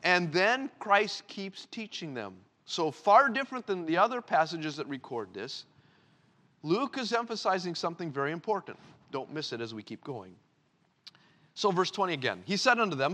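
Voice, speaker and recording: A male pastor preaching a sermon to his church, swinging between loud emphatic lines and hushed, low ones. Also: very animated, moderate pace.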